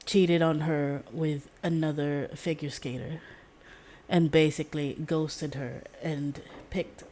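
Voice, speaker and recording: Woman streamer, low voice, loose rambling chat, giggles a lot, swears freely. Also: steady tone, slow, mellow, slight background noise. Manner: rambling and giggly, laughs often; casual swearing. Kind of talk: casual chat.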